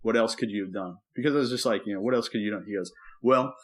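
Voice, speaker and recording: Animated storytelling man on a podcast. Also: fairly low pitch, racing. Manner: animated storyteller who acts out quotes and sings movie lines. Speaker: podcast co-host, preacher. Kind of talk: casual chat, storytelling.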